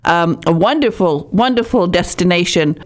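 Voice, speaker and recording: A woman's voice: lowish voice, animated, normal speed. An older woman hosting a radio program, chatty and gushing, laughing often as she rambles. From Ireland. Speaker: radio show host.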